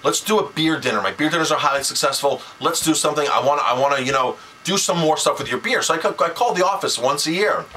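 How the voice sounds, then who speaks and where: Exasperated man with a bright voice. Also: on the high side, fast talker, few pauses, slight background noise, rough recording. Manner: animated and exasperated, with many restarts. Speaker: chef and restaurant owner. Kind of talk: casual to-camera rant.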